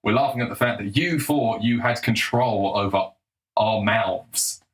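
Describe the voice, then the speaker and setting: A man's voice: fairly low pitch, measured pace, poor audio. A man delivering a heated, scornful solo commentary and stressing his points hard. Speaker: political commentator.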